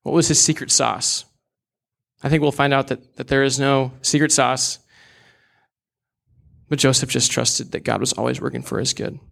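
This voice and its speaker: A man's voice: mid-range voice, fairly even intonation, normal speed, vocal fry, pauses often, a bit bright. A young man preaching a sermon in an earnest, candid way, with casual asides.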